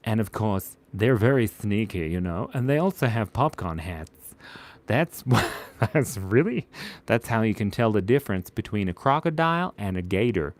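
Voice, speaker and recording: A man's voice: on the low side, animated, moderate pace. A young man hosting a casual livestream, drawing requests and reading chat aloud in a playful, giggly way.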